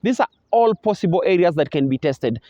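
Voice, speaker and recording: A middle-aged Kenyan man gives an exam revision lecture in a somewhat high voice, stopping to model sounds and intonation. The recording is dry and close, with no room sound. It also sounds a little dull and muffled. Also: lively intonation, fairly quick, dark tone, dry recording. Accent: Kenyan English. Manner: explains patiently, acts out pronunciation and intonation examples. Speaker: teacher.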